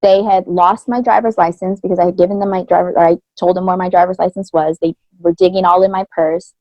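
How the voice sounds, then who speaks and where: A woman's voice: fairly low pitch, fairly even intonation, fast talker, dry recording. A woman co-hosting a podcast, candidly and earnestly retelling a personal experience in casual chat, with blunt slang. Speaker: podcast co-host. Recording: dry, slightly dull lo-fi sound.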